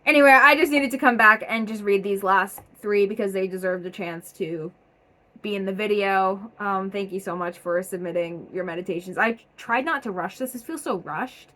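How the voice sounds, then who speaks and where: A young woman vlogger reading viewers' submitted stories aloud in a casual, chatty way, energetic and full of fillers. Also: mid-range voice, normal speed.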